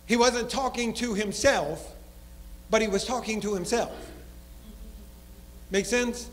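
A man preaching a sermon as pastor, dropping low and soft for emphasis before picking up speed again. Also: slow, pauses often. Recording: long hall reverb in a church.

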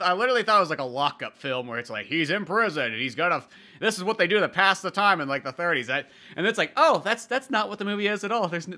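A man's voice: on the high side, pushed and bright. A man co-hosting a podcast, enthusiastic and rambling, with lots of "like" as he talks about a movie. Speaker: podcast co-host. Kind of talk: casual movie discussion.

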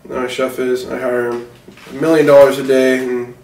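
A man acts out a self-important film mogul who rambles and boasts, easily sidetracked and quick to get defensive. The voice sits at a middling pitch and is picked up from a distance, with a roomy echo around it. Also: little pitch movement, creaky, darkish tone, close to an everyday voice. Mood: rambling. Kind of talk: satirical mock interview.

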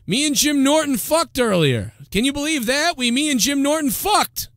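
A man doing a brash high-pitched party-boy host. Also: very animated, normal speed, fairly bright tone, no room sound, studio quality, exaggerated voice. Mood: boastful. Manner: brash, rowdy, laughing braggadocio. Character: boisterous beer-drinking male radio host, crude and cocky. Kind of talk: mocking impression.

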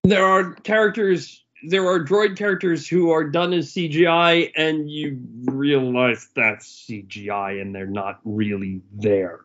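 A man's voice: on the high side, fairly even intonation, unhurried, hardly any pauses, fairly bright tone, dull audio. A man co-hosting a casual podcast review, talking enthusiastically and rambling with frequent restarts. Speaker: podcast co-host.

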